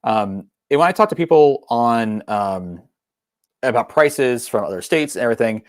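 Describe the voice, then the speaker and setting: A man's voice: mid-range voice, animated, moderate pace, no echo, clean studio sound. A young man hosting a whiskey livestream, talking casually in a rambling way with many ums and restarts. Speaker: whiskey channel host.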